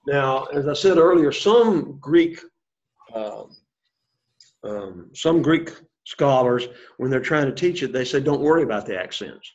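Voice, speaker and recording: A man's voice: mid-range voice, expressive, unhurried, a little mellow. A man teaching a classroom lesson, explaining step by step, quizzing the class and encouraging them. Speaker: Greek teacher. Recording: dull lo-fi sound.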